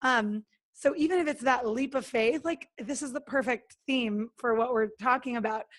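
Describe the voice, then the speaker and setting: A woman with a high, bright-sitting voice talks as a podcast guest. She is earnest and motivational. She often acts out her own thoughts and what others said to her. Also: moderate pace. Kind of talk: casual interview talk.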